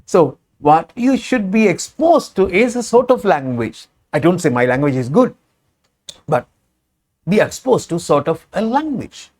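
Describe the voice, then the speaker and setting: Teaching spoken English, a Sri Lankan man whose first language is Sinhala repeats his explanation of every phrase and occasionally slows for examples. He has a high-pitched, sing-song delivery and a darkish tone, with a Sri Lankan English accent.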